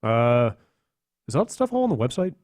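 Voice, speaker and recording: A man's voice: mid-range voice, sing-song, normal speed, darkish tone, dry recording, studio quality. A man co-hosting a podcast in casual chat, rambling and hesitant, with plenty of fillers. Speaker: podcast co-host.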